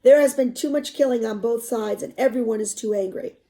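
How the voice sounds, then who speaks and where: A woman's voice: on the high side, a little fast, gravelly, dark tone. A woman reading the lines of a grim male colonial soldier from a storybook, in a plain read-aloud delivery.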